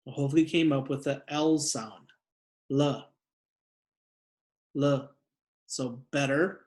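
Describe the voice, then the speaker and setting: Slow, clear teacher in an echoey room. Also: male voice, medium pitch, darkish tone. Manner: slow, deliberate, repeats each word. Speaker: second grade teacher. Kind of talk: spelling lesson for children.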